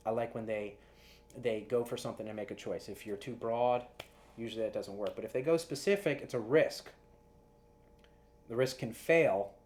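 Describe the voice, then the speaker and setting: A man's voice: lowish voice, darkish tone, a little hiss or hum. A man who works as a casting director, giving earnest audition advice to actors. He often restarts and repeats words as he talks.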